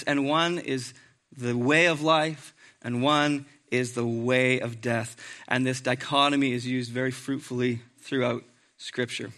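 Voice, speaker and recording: A man's voice: medium pitch, vocal fry, sharp tone. A man preaching a sermon in a conversational way, with joking asides to the congregation.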